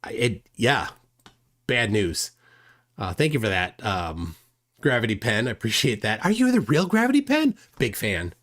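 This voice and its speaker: A man's voice: mid-range voice, very animated, moderate pace, a bit bright. Indignant male livestream host. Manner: indignant, reads chat aloud, frequent "right?". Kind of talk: casual commentary on a clip.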